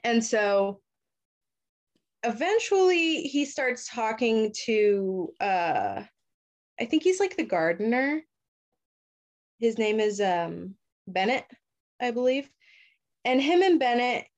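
A woman's voice: fairly high pitch, expressive, slow pace, pauses often. A young woman hosting a casual chat, loosely retelling a short story with lots of fillers and swearing. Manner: loose and profane, heavy fillers. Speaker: podcast host.

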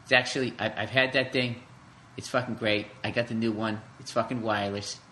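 A man impersonating a laid-back male friend who calmly talks him through a tech problem, drawling and saying "dude" a lot. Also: lowish voice, brisk, a little hiss or hum, voice pushed down. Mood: mellow. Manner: calm, drawling, repeats "dude". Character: laid-back, unbothered male buddy, patient.

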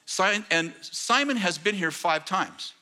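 Bright-voiced man preaching, full of restarts. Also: high-pitched. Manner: animated, self-deprecating, halting with many restarts. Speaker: pastor. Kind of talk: sermon storytelling.

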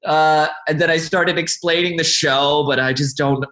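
Bright-voiced young man, animated storyteller. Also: fairly high pitch, moderate pace, echoey room, poor audio. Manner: animated storyteller, laughs often. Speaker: actor guest. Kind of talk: casual interview chat.

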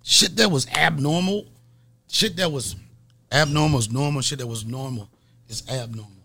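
A middle-aged man hosting a podcast, telling a profane comic story in an animated way and acting out scenes with mock gasps. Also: mid-range voice, moderate pace, creaky. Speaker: podcast host and comedian.

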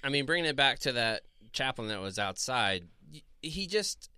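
A man's voice: mid-range voice, big pitch swings, moderate pace, sharp tone, clear, resonant tone, no echo, studio quality. Laid-back Florida man telling stories. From Florida, USA. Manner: laid-back storyteller, laughs often. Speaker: podcast co-host. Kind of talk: casual chat and storytelling.

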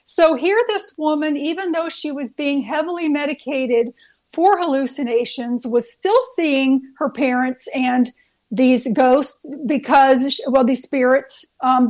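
A nurse, a woman, earnestly telling heartfelt stories as a guest, with frequent fillers and restarts. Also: high-pitched. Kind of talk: storytelling guest on a talk show.

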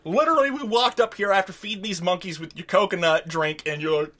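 A man's voice: high-pitched, fast, few pauses, bright, forceful tone. A man co-hosting a podcast, recapping a show in casual, profane, rambling chat and acting out quotes. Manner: rambling, profane, acts out quotes in silly voices. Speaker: podcast co-host.

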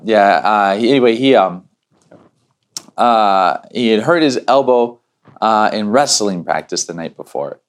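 Guy in ministry telling a story all excited, lots of restarts, jumps into high voices for quotes. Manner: animated, many restarts, acts out quotes in a higher voice. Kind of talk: casual storytelling.

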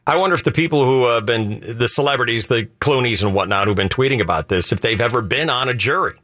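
A man's voice: mid-range voice, fast talker, fairly bright tone, dry recording, clean studio sound. A male radio host talking in casual, joking banter, rambling and asking leading questions.

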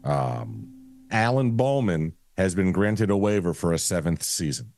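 A man with a low voice chats bluntly about college sports, rambling and making crude jokes. His speech is dry and close to the mic. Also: animated, measured pace, vocal fry, darkish tone, no room sound. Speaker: podcast co-host. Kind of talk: casual sports chat.

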